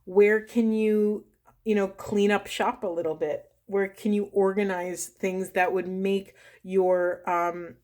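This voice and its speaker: A woman, a spiritual coach, doing an oracle card reading to camera in a soft, earnest, heartfelt way that turns tearful. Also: medium pitch, flat delivery, slow.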